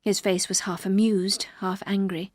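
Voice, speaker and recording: A woman narrating a classic novel aloud in a calm, steady storytelling voice. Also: mid-range voice, a little slow, no echo. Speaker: audiobook narrator.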